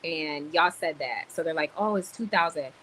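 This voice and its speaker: A woman's voice: deep voice, moderate pace, sharp tone, slight background noise, low-quality recording. A woman venting on a livestream, annoyed and swearing as she tells a story. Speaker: livestream host. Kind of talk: ranting livestream chat.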